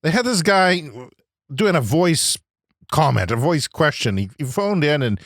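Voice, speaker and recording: Agitated, ranting man with a lively voice. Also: on the high side, measured pace, dry recording, studio quality. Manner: agitated, profane, swings between loud outbursts and muttering. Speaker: podcast host. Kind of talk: ranting comedic monologue.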